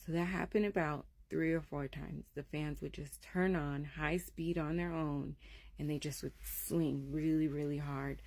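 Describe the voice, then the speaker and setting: A woman in her thirties recounts a haunting in a relaxed, conversational way, her voice sitting low. She acts out everyone's lines and sinks into a hush when things get eerie. The sound is dry and close, with no room around it. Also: unhurried, dry recording. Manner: animated, acts out quoted voices, drops to a hush at scary moments. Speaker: storyteller. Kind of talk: casual ghost-story telling.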